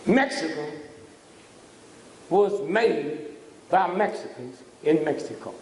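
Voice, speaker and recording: An older man delivers a fiery lecture with a deeply gravelly, fry-laden voice that sits a bit high for a man. He preaches and prods the crowd with repeated questions. The sound is roomy, with a long hall echo and faint background noise. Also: expressive, takes it slowly. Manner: preachy, repeats "huh?" to provoke the audience. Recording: echoey hall from a distance.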